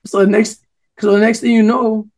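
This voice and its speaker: A man's voice: sits high, flat delivery, normal speed, a little mellow. A young man from New Jersey, co-hosting a podcast, telling a long, profane story in casual chat and quoting other people's lines. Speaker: podcast co-host.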